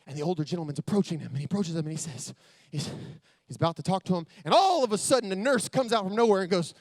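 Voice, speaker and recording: Brief: energetic man, motivational speaker, storyteller, bright high voice. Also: fast, few pauses, no room sound. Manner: energetic, storytelling, talks directly to the audience. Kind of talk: motivational speech. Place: hotel event hall with live audience.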